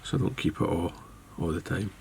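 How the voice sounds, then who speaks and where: A man with a low, gravelly voice talks through a fly tying demonstration in a relaxed, unhurried way. He thinks aloud as he works, calmly explaining each step to the viewer. The recording has a faint hiss underneath.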